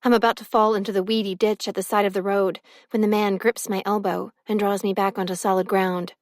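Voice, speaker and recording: Woman reading a first-person audiobook, expressive, close mic, dry studio sound. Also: medium pitch, fairly quick, no room sound. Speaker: audiobook narrator.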